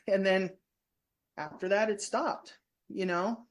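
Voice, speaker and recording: A woman's voice: on the low side, fairly even intonation, normal speed. A woman telling stories as a guest in a casual interview, meandering and often restarting her sentences. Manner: chatty, meandering, full of restarts. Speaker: guest, former prison staff member and tour guide. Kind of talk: casual storytelling in a podcast interview.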